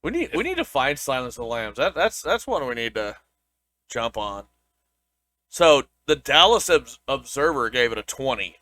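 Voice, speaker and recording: Bright-voiced young podcast host. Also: male voice, mid-range voice, big pitch swings, moderate pace, no echo. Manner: loose, laughing, stumbles and restarts often. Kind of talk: casual chat.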